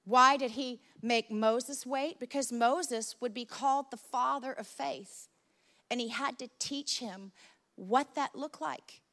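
A woman preaching a sermon, telling stories in a lively, conversational way. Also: high-pitched.

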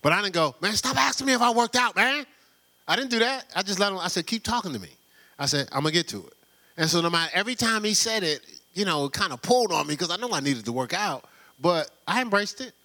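A man preaching a sermon in a loose, conversational way, full of rhetorical questions and quick laughs. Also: on the high side, animated, bright, forceful tone. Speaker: pastor.

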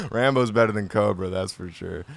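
A man's voice: lowish voice, normal speed, gravelly, no room sound. An American man co-hosting a podcast in loose, joking casual chat, swearing freely. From United States. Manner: loose, joking, swearing, half-rapping at times. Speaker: podcast co-host.

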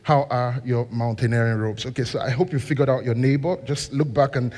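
A man preaching a story-driven sermon as a guest speaker, moving between quiet asides and loud, animated shouting. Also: mid-range voice, a little fast. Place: church hall. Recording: long hall reverb.

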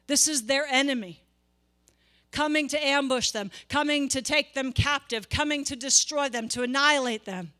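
A woman delivers a sermon to her church in a high, bright, ringing voice. She preaches with passion, circling back on words and pushing up to emphatic peaks before easing off again. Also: moderate pace.

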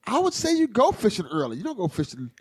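A man's voice: high-pitched, huge pitch swings, quick pace, husky, no room sound. A man co-hosting a casual chat, swearing and agreeing in short replies.

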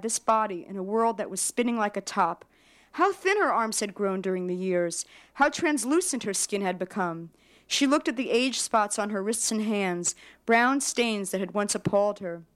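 A woman writer giving a measured literary reading of her own fiction. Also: mid-range voice.

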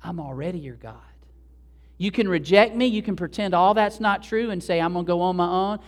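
A man voicing God as a steady, reassuring, fatherly presence, spoken with earnest emphasis in the middle of a sermon. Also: high voice, fairly quick, lightly acted. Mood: matter-of-fact.

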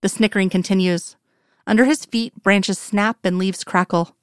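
A woman reading a story aloud in an even, measured narration. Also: mid-range voice, clean tone, dry recording, clean studio sound. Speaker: reader. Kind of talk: storytelling narration of fan fiction.

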